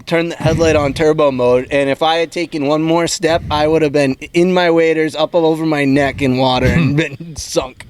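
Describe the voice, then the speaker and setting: A man's voice: fairly high pitch, fairly even intonation, normal speed, few pauses, a little hiss or hum. A man co-hosting a casual talk show, telling a story in a plain, matter-of-fact way. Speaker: podcast co-host. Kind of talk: casual chat.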